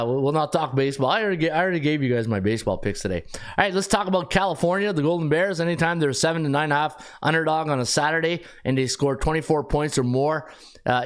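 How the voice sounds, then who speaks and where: A middle-aged man hosting a sports betting podcast, talking casually in an animated, rambling way with frequent restarts. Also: on the high side. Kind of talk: casual live-stream talk.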